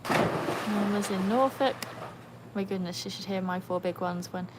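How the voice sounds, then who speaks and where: In an unhurried, steady, mid-range voice, a British livestream host chats with her viewers and her dogs beside a pool outside. She reads comments aloud and coaxes the dogs, and the recording is very noisy with splashing and barking.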